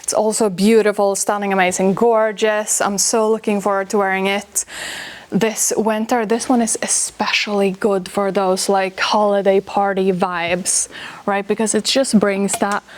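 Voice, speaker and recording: A woman's voice: medium pitch, little pitch movement, measured pace. A woman vlogger chatting casually about her winter coats, gushing with stacked superlatives. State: a bit out of breath from carrying coats. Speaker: fashion vlogger. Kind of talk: casual chat to camera.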